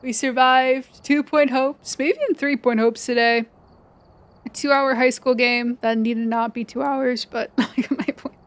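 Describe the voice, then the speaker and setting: Woman gaming streamer, chatty commentary, hoarse cracking voice, a bit high. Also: fairly even intonation, a little slow. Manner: chatty, explains game mechanics to viewers.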